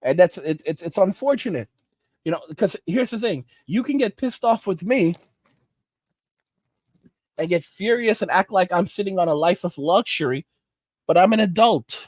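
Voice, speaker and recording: A man with a somewhat high voice delivers a ranting commentary, lecturing and exasperated, circling back over his words. The sound is dry and close, with no room around it. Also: expressive, normal speed, long pauses, dry recording. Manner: exasperated, lecturing, repetitive restarts. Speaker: commentary channel host.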